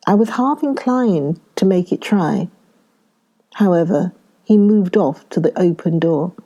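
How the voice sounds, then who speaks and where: A woman reading a classic novel aloud in a slow, deliberate, expressive first-person narration. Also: lowish voice. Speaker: audiobook reader.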